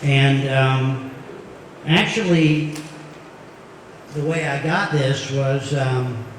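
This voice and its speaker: A middle-aged man telling a halting, heartfelt story on a concert stage, heard through a stage mic from the audience. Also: mid-range voice, slight background noise. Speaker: singer-songwriter performing a concert. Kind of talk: storytelling between songs. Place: opera house stage. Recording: echoey hall recorded from far off.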